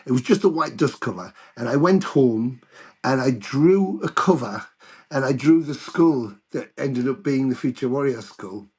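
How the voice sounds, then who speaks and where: A British man in his older years, a guest musician telling stories in a casual interview, animated and swearing freely. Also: medium pitch, moderate pace, slightly rough. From United Kingdom.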